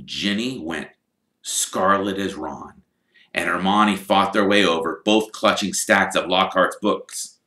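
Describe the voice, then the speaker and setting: A man narrating a storybook in an animated, expressive way. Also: deep voice, takes it slowly, roomy sound, rough recording. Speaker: audiobook reader. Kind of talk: storybook reading.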